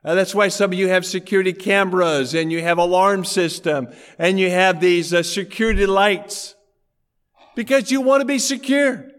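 A man's voice: high-pitched, moderate pace, a bit bright, in a large hall. A male pastor preaching a sermon in a church auditorium, talking in a conversational way and telling anecdotes.

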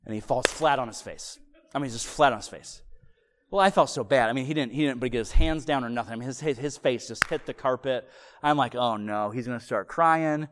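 A man preaching a sermon, telling a family story in an animated way that swings from loud excitement to hushed softness. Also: medium pitch, fast talker, big-room sound, background noise. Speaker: pastor.

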